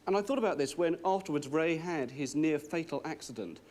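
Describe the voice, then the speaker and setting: A man's voice: on the high side, fairly quick, a little mellow, slight background noise. A man narrating a comic sketch in a mock-serious tone. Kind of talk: scripted narration.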